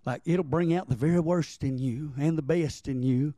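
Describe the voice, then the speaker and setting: A man preaching a folksy sermon, slowing down for emphatic lines and rushing through asides. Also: a little high, dark tone, no room sound. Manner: folksy preaching with Southern phrasing, swings from slow emphatic lines to quick asides. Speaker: pastor.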